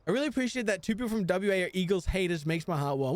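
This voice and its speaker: A man's voice: sits high, animated, rapid-fire, few pauses, dry recording. A young man streaming a video game, chatting casually and joking, humming and singing along to the music. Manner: rambling, jokey, hums and sings along to music. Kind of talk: casual gaming livestream chat.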